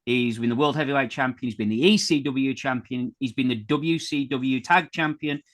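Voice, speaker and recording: A man's voice: medium pitch, moderate pace, fairly bright tone. Man teasingly running a quiz. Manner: teasing, reels off facts. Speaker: co-host and quizmaster. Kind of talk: casual podcast quiz chat.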